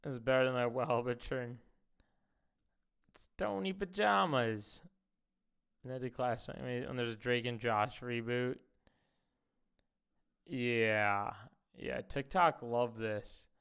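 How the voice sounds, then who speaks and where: A man's voice: medium pitch, takes it slowly, vocal fry, pauses often, a bit bright, clean tone. A man streaming reactions to clips, thinking aloud in an offhand, casual way.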